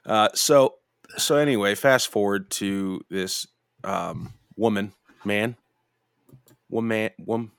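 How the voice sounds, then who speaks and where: Young man, podcast host, low voice, dry close sound, swears freely, rambles, laughs through his stories. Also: slow, creaky, fairly bright tone, clear, resonant tone, no room sound. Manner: rambling, profane, laughing, restarts often. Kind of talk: casual storytelling chat.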